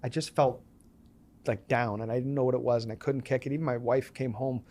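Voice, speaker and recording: Man in his 30s, interview guest, mid-pitched, lively storyteller who plays out dialogue. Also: brisk. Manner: animated storyteller, acts out quoted dialogue. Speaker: podcast guest, business owner.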